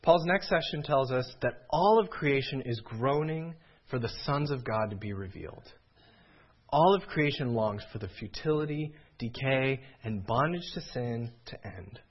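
Husky-voiced man preaching with lively pitch. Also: unhurried, muffled recording. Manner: earnest preaching, rising to pleading cries. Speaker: pastor. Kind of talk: sermon.

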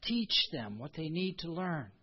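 High-voiced husky male preacher. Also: big pitch swings, measured pace, dull audio. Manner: earnest, emphatic preaching. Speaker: pastor. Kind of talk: sermon.

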